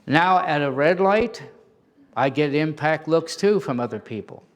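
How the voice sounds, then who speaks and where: Man who plays Santa, lively anecdote teller with a slightly high voice; acts out the other people in his story. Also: a little slow. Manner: animated, acts out quoted voices. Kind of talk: casual anecdote telling.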